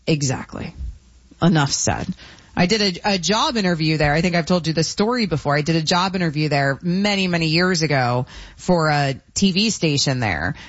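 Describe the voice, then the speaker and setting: A woman's voice: low-pitched, moderate pace, no room sound. A woman hosting a sports talk radio show, chatty and opinionated, laughing often, heard on a muffled broadcast.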